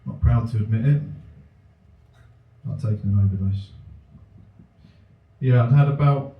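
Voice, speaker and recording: A man doing a deadpan, self-mocking stand-up set in a comedy venue. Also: medium pitch, measured pace, phone-quality sound. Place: comedy venue with a live audience. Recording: echoey room, mic at a distance.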